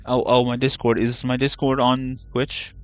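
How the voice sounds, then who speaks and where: A man's voice: mid-range voice, flat delivery, moderate pace, clean tone, dry recording. A man streaming a video game, chatting casually in a rambling way, swearing freely, and often correcting himself mid-sentence. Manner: rambling, profane, self-correcting. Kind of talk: casual gaming livestream chat.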